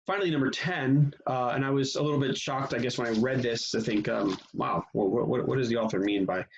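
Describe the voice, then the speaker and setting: Gravelly man teaching a church session. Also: mid-range voice, fairly quick, slight background noise. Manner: conversational, frequent fillers and restarts. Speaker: pastor. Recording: dull lo-fi sound.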